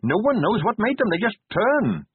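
A man's voice: high-pitched, huge pitch swings, moderate pace, slightly rough, dry recording, voice pushed up, full character voice. A man voicing an earnest, polite young male watch captain who speaks eagerly and helpfully. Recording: tinny phone-like band.

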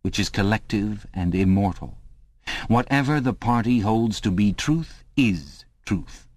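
A man reading an audiobook, voicing a cold, patient male interrogator who speaks slowly and lectures in measured tones. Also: on the low side, expressive, darkish tone, no room sound. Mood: stern, lecturing.

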